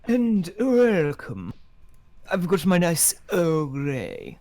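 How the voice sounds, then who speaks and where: A man voicing a prim, fussy British gentleman with a put-on posh British accent, in improvised comedic role-play on a stream. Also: fairly high pitch, sing-song, full character voice. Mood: pompous. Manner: pompous, slow and savoring.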